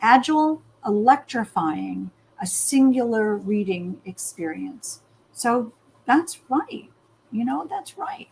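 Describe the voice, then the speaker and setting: A woman's voice: fairly high pitch, lively intonation, slow, darkish tone, husky, poor audio. A woman hosting a book interview, speaking in an effusive, emphatic way. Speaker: interview host.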